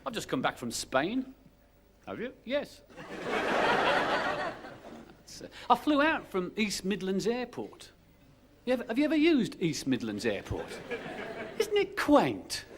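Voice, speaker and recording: A high-voiced man works through a stand-up routine, his pitch bouncing all over as he tosses in wry asides and tag questions. He is captured on an old VHS stage tape buried under a loud hiss. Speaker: stand-up comedian.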